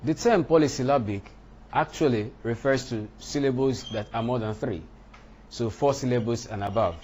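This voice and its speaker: A man teaching a lesson on English word stress, speaking deliberately and punching out example words. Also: medium pitch, a little mellow, a little hiss or hum. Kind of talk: lecture on English pronunciation.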